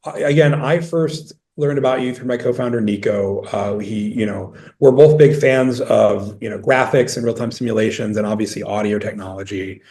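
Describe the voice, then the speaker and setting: A man's voice: on the low side, normal speed, hardly any pauses, dark tone. A man interviewing a guest, asking eager, rambling questions full of hedges and asides. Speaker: interviewer, company co-founder.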